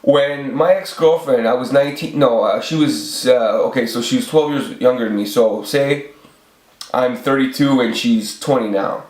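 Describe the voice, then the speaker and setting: On his video channel, a forty-something man goes on an improvised, profane, rambling rant with many restarts. His mid-range voice is darkish, his speed is normal, and the room sounds echoey.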